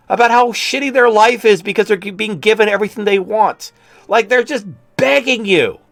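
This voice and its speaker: A man's voice: very high-pitched, a little fast, creaky, no echo. A male talk-show host ranting in a profane, sarcastic way.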